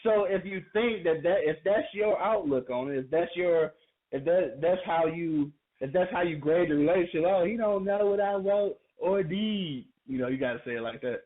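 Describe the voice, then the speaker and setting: A fairly high-voiced man holds forth on a call-in relationship podcast, circling back and repeating phrases as he works toward his point, with laughs scattered through. The sound is thin and phone-like. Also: brisk. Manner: chatty, repeats himself, laughs often. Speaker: podcast co-host. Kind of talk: casual radio talk. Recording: phone-like call-in radio audio.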